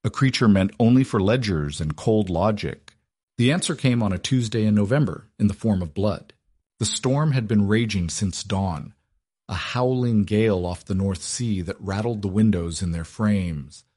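Male narrator, low husky voice, dry, steady dramatic storytelling. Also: normal speed, no echo.

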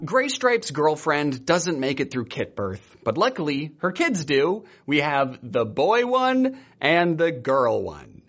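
A man giving a wry, sarcastic, animated comedic book recap as a YouTuber. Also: fairly high pitch, takes it slowly, no room sound, dull audio.

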